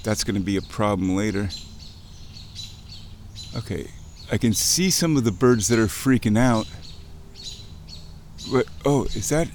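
A man's voice: on the low side, unhurried, pauses often, a little hiss or hum. Man chatting to himself in a creek. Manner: chatty, talks to himself, excited bursts. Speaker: outdoor vlogger. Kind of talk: casual running commentary. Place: outdoors in a muddy creek. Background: birds chirping.

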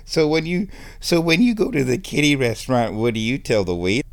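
A man hosting a casual show at his microphone, playful, dropping into high baby talk for his cat. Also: big pitch swings, fast, gravelly. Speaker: radio host. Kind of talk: casual chat. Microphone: studio microphone.

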